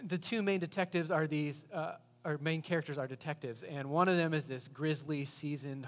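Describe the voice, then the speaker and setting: A male pastor preaching a casual, story-driven sermon, his voice sitting a little high. He talks like he is chatting with the congregation. A long reverb from the hall follows his words. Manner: conversational, animated storytelling.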